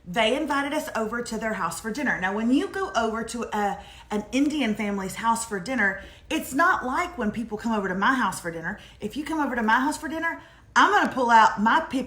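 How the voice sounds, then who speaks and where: A woman in her forties, co-hosting a live morning show and telling stories in a chatty, animated way. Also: on the high side, brisk. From Texas. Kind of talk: casual live chat. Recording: echoey room.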